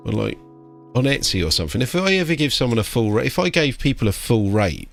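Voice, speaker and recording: A man's voice: mid-range voice, big pitch swings, quick pace, vocal fry, soft background music. A British man who paints miniatures chats casually on a live stream, ranting and swearing, with "like" and "mate" in every sentence.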